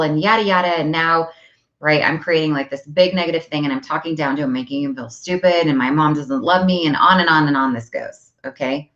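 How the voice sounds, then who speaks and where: Woman host, low voice, chatty parenting talk, dull lo-fi recording. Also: normal speed, fairly bright tone, reverberant. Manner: chatty, acts out dialogue with her kids. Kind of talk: casual chat. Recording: dull lo-fi audio.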